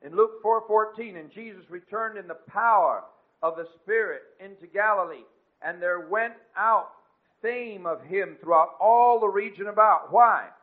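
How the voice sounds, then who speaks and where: A man preaching a sermon, rising to emphatic peaks and dropping to quiet asides. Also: sits high. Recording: tinny phone-like lo-fi recording.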